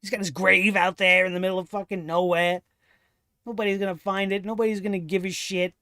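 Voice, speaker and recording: A man's voice: high-pitched, little pitch movement, a little fast, sharp tone, dry recording, studio quality. A man hosting a wrestling review show, talking in a sarcastic, exasperated way and swearing freely. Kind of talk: casual commentary review.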